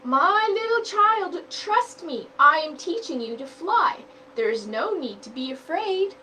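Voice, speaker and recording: A woman voicing a gentle, patient mother hawk in a storybook reading, speaking softly and soothingly. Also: extremely high pitch, animated, unhurried, recorded from a distance, a little hiss or hum, pitched above the performer's own voice, exaggerated voice, poor audio. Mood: coaxing. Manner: soft, soothing and reassuring.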